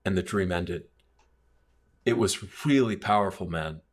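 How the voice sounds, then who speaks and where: Low-voiced man telling a rambling story. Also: measured pace. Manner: relaxed, rambling storyteller with many fillers. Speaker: podcast guest. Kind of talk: casual storytelling.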